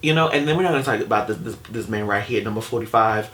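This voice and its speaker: A man's voice: fairly low pitch, fast, a bit bright, a little hiss or hum. A man talking straight to camera in a vlog, passionate and exasperated, firing off rhetorical questions. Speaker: vlogger. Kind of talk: opinion vlog rant.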